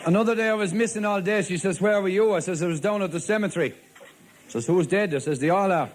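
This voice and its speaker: On stage, an Irish man with a high-pitched voice plays a policeman, delivering deadpan stories and rapid one-liners. The recording from the live show picks up faint crowd laughter and noise.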